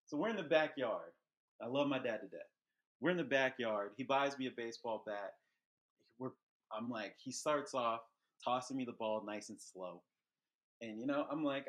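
A young man hosting a podcast, telling a childhood story in loose, profane casual chat that gets animated. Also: mid-range voice, moderate pace. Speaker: podcast host.

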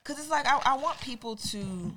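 A woman's voice: high voice, expressive, normal speed. A young adult woman co-hosting a casual comedy podcast, joking and ranting with a lot of profanity. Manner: playful, profane, swings from mumbled asides to loud rants. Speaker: podcast co-host.

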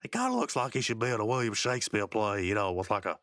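A man's voice: lowish voice, huge pitch swings, fast, a bit bright, dry recording. A man co-hosting a podcast, recapping a cartoon episode with dry joking asides. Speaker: podcast co-host.

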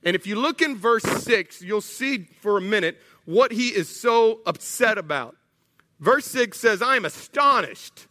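A man's voice: sits high, measured pace. A man preaching a sermon as pastor, telling stories with humorous asides. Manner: animated storytelling, humorous asides. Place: church sanctuary. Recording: echoey church hall.

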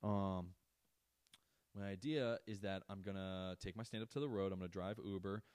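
Profane ranting podcast host, low voice. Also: male voice, fairly even intonation, moderate pace, darkish tone, smooth, no echo. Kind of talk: casual storytelling monologue.

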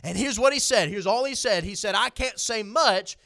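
A man's voice: high voice, normal speed, vocal fry, pushed and bright. A middle-aged man with a Southern US accent preaching a sermon in a folksy way, repeating phrases and building to emphatic points.

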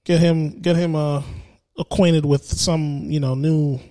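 A man's voice: on the high side, fairly even intonation, takes it slowly, warm tone. A man co-hosting a podcast in casual chat, laughing often, swearing and restarting his sentences. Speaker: podcast co-host.

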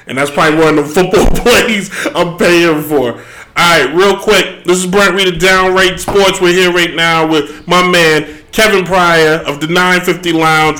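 New york guy hosting a sports podcast, joking around, bright kinda high voice. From the Bronx, New York. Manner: playful storyteller, slangy. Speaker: podcast host. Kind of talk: casual podcast chat.

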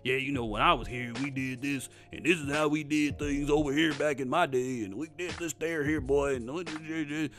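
Man doing a pushy older boss, higher and a touch off-mic, naggy and boastful. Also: steady tone, normal speed, hardly any pauses, a bit bright, faint music behind, natural voice. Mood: nagging. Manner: nagging, boastful. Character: pushy older male regional manager, self-important.

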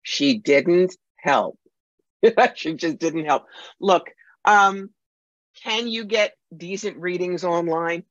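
A woman psychic medium, appearing as a guest on a podcast interview, tells anecdotes in a punchy, emphatic way. Her voice is on the low side and slow, with no room sound and a dull lo-fi quality.

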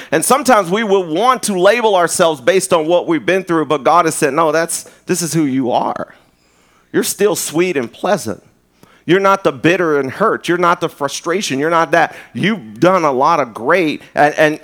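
Man preaching a lively sermon. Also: fairly high pitch. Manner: conversational preaching with repeated words and rising emphasis. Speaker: pastor. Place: church.

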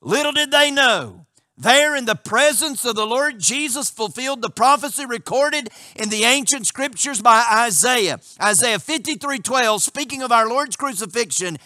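A man's voice: very high-pitched, pushed and bright, dry recording, studio quality. A male pastor preaching a sermon with passion, asking rhetorical questions of his congregation.

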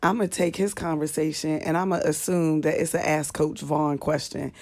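A woman comedian and podcast host with a low, slightly manly voice, chatting and venting profanely while lying in bed in the dark on a phone. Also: steady tone, moderate pace. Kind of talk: casual late-night live chat. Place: bedroom in apartment at night, lying in the dark.

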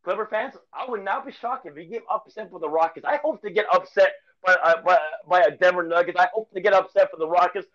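High-pitched male sports podcast co-host, excitable rambler, dull lo-fi recording. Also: quick pace, hardly any pauses. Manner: excitable rambling rant with repeated phrases. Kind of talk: casual sports chat.

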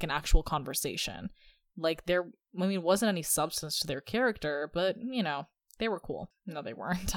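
A woman's voice: lowish voice, dry recording, studio quality. A young woman hosting a podcast, telling stories in a chatty, sarcastic way. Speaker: podcast host. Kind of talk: casual chat.

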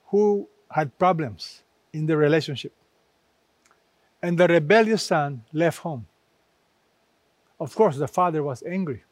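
A high-pitched man preaching a sermon in an unhurried, measured way. He lands each phrase with emphasis, and the sound is close and dry. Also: no room sound. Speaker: pastor.

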